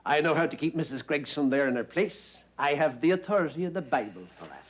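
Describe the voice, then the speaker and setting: An actor playing a drunk, boastful middle-aged Orangeman tenant, swaggering and loud. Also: a little high, animated, quick pace. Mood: blustering. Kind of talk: stage play acting.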